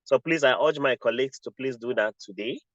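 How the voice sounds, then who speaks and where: A man's voice: medium pitch, fairly quick, no room sound. Deferential male moderator on a call. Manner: deferential, says sir often. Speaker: session moderator. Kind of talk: polite moderating. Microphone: video call. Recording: dull lo-fi call audio.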